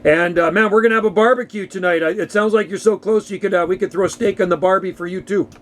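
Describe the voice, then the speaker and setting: Talking fast in a high voice with fairly even intonation, a Canadian man chats over ham radio from his home shack. He sounds friendly and casual, using lots of radio lingo.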